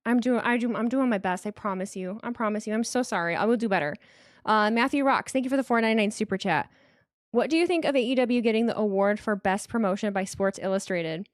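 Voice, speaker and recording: A woman's voice: a little high, fast talker, dry recording, studio quality. A woman hosting a live wrestling watch party, reading super chats and apologizing a lot, tripping over her words and swearing casually.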